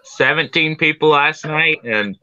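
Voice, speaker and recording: A man chatting on a live stream in a halting way, trailing off mid-sentence. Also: a little high, bright, forceful tone, smooth, dry recording. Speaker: guest. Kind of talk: casual live-stream chat. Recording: dull, dry lo-fi audio.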